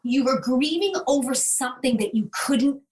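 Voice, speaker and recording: A woman's voice: sits high, normal speed, darkish tone. A woman hosting a podcast, chiming in with brief affirming remarks as her guest talks. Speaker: podcast host. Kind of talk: supportive listening.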